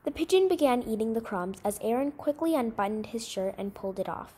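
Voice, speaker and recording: Breathy woman reading a story aloud. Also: on the high side. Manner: measured expressive storytelling. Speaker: narrator.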